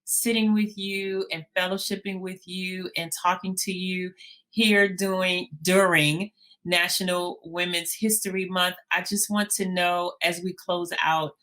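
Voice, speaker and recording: Bright-voiced woman hosting an interview. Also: lowish voice, flat delivery, measured pace. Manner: affirming, with frequent murmured agreement. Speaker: host.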